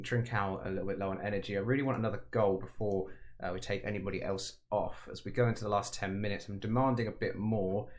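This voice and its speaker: A man giving casual, rambling commentary on a football management game, chatty and self-mocking with frequent asides. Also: on the low side. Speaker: gaming commentator.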